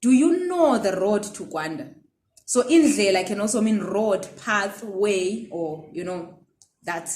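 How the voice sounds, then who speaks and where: A woman from Zimbabwe teaching a pronunciation lesson, drawing out each sound and repeating it clearly for learners to follow. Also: mid-range voice, animated, a little mellow, echoey room. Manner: drawn-out repetitions of sounds, friendly and encouraging. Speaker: language teacher.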